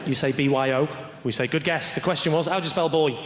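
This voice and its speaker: A man doing stand-up, telling a story that builds to shouting, and teasing the audience. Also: a little high, quick pace. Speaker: stand-up comedian. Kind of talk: stand-up comedy. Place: large theatre stage, live audience. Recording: echoey theatre with loud crowd noise.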